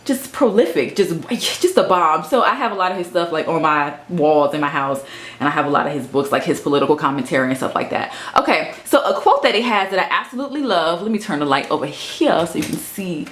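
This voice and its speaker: A woman's voice: lively intonation, brisk, fairly bright tone. Playful chatty woman giving a home studio tour, talks to the camera. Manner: chatty, playful, breaks into high baby-talk with her cat. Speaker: vlogger. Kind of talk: casual studio tour vlog.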